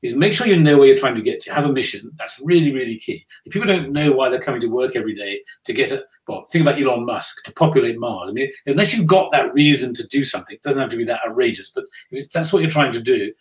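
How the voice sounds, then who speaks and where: A man's voice: mid-range voice, animated, fast talker, few pauses, rough recording. An older man from the United Kingdom, interviewed as a business leader, telling stories with dry, self-deprecating humor and frequent restarts. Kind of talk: conversational interview storytelling.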